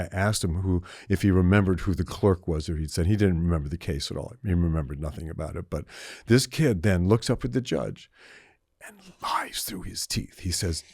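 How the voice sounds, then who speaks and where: A man's voice: low voice, darkish tone, no room sound, clean studio sound. An older man in his seventies, a podcast co-host telling a long story in casual chat, rambling with restarts and acting out the voices he quotes.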